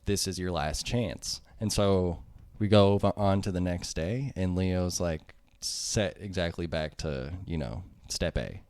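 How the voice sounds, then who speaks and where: Low-voiced man chatting about movies. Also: unhurried, clean tone, no echo, clean studio sound. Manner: relaxed, joking, acts out movie lines. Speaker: podcast co-host. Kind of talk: casual film discussion.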